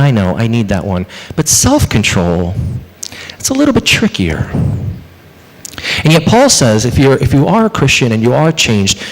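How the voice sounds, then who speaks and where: A man preaches a sermon from the pulpit, his pitch rising and falling in a lively, animated way. He fires off rhetorical questions and acts out little quoted asides. His voice rings out with a long hall reverb around it. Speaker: pastor. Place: church sanctuary.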